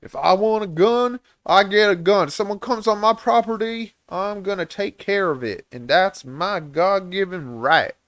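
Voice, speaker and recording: A man putting on a loud, defiant American man with an American accent, declaring his gun rights. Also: high-pitched, normal speed, hardly any pauses, dry recording, pitched above the performer's own voice.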